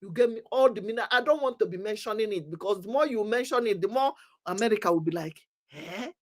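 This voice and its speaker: A woman's voice: medium pitch, expressive, quick pace. A woman with a Nigerian accent giving an impassioned, repetitive talk to her community, pressing urgency. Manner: emphatic, repetitive, preaching urgency. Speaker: commentator on community affairs. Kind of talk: impassioned talk mixing English, Pidgin and Igbo.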